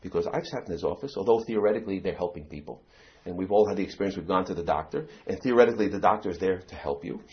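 His voice is low and he races along as he gives a storytelling talk to his community. This middle-aged speaker acts out anecdotes and uses lots of "you know" fillers, and the recording is dull and lo-fi.

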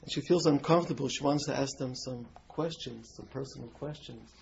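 Man, gravelly, storytelling talk, questions to the audience, dull lo-fi sound, hiss. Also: mid-range voice, brisk. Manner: emotional, asks the audience questions. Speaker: lecturer. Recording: lo-fi room recording with loud hiss.

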